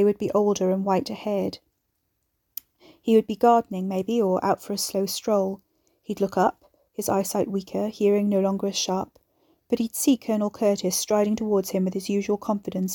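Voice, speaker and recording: A woman narrating a horror audiobook in a measured, even storytelling voice. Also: medium pitch, no echo, studio quality.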